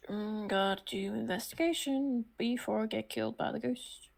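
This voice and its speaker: A woman's voice: on the high side, moderate pace, creaky. A woman playing in a tabletop role-playing game, chatting casually with the game master. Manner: casual, chatty, with laughs and fillers. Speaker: player.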